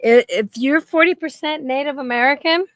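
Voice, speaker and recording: Fifties woman, rambling storyteller, slightly high pitch, dry close sound. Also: normal speed, fairly bright tone, no room sound. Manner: rambling storyteller, laughs often. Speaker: stream co-host. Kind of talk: casual chat.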